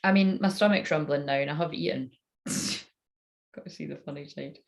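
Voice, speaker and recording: A psychic tarot reader live-streams a casual reading in a low, gravelly voice at normal speed. She's self-mocking and swears freely, muttering to herself while she messes with her phone.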